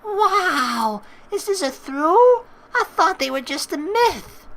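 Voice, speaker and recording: A woman playing a frantic, shrill young woman. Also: sing-song, slow, fairly bright tone, a little hiss or hum, full character voice. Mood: startled. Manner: frantic, repeating herself. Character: panicky young woman desperate for a restroom.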